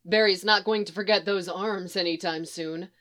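A woman narrating a story in a wry, measured way. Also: fairly low pitch, fairly even intonation, fairly bright tone. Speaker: reader.

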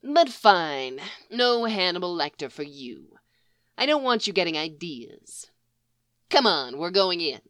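Woman reader playing a dry, teasing male thief; slow, mild drawl. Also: fairly low pitch, big pitch swings, fairly bright tone, no echo. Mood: sly. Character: dry sly man, mild mocking thief.

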